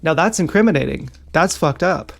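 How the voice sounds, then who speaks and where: A man's voice: a little high, lively intonation, normal speed, gravelly. A young man talking in a rambling, agitated monologue, swearing often and jumping between worries. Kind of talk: casual monologue vlog.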